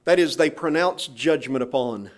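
A man's voice: fairly high pitch, moderate pace. A man preaching a sermon, explaining and quoting scripture passages with emphasis. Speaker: pastor.

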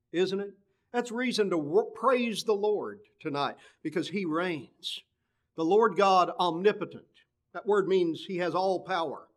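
Man preaching, pitch on the high side, voice swells then drops way down low, reads old bible wording. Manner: preaching cadence, swelling louder and dropping low on scripture; quotes scripture in King James wording. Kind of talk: sermon.

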